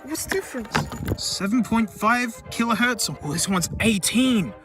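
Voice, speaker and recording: An Australian man chatting casually outdoors in remote bushland, rambling excitedly and joking with the things he finds. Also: high voice, moderate pace, over music. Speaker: YouTube host. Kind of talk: casual vlog commentary.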